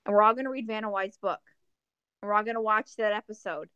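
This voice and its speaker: A woman's voice: mid-range voice, fast, smooth, dry recording, highs cut off. Joking woman podcast co-host, dry sound. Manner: animated, joking, rambling plans. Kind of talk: casual chat.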